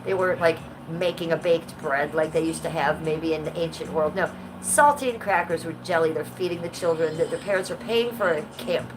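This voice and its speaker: Her low-pitched voice runs a little fast with few pauses as this woman in her fifties rambles through a casual livestream chat. She's brash and profane, and steady background noise sits under the recording.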